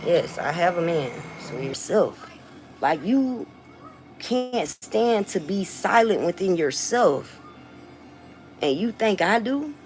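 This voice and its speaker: Addressing her viewers casually, a Southern US woman, a mother who's a vlogger and rapper, speaks bluntly and defiantly with lots of cursing. Her voice sits on the low side, a little mellow, slow with lively intonation; faint music plays behind, and the audio is poor.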